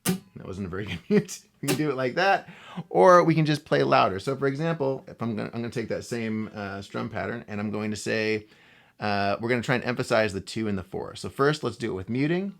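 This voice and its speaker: Gravelly-voiced male guitar teacher. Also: on the low side, fairly quick. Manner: relaxed, talks to the viewer with frequent "right?" and "okay?". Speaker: guitar instructor. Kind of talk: casual video lesson.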